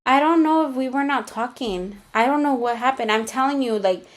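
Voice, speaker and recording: A young woman co-hosting a casual podcast, her voice sitting a little higher than most. She tells a long personal story openly, swearing freely and slipping into Spanish slang now and then. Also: normal speed. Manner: candid and profane, mixes in Spanish slang. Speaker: podcast co-host.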